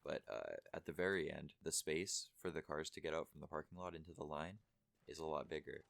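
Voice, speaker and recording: A man's voice: very deep voice, level tone, a little fast, gravelly, a bit bright. A young man telling a story casually, rambling and swearing a lot, with many fillers. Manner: rambling, profane, full of fillers. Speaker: vlogger.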